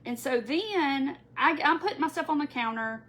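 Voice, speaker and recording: A woman's voice: high voice, normal speed. A middle-aged woman, rambling through a story to viewers while working on a live craft tutorial. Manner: rambling, animated, addresses viewers as y'all.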